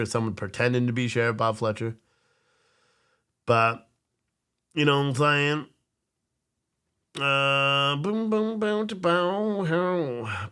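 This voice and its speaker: A man's voice: medium pitch, sharp tone, smooth. A tired man hosting a casual livestream, reading viewer comments aloud and joking with plenty of swearing. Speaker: livestream host selling coffee. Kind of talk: casual live-chat commentary.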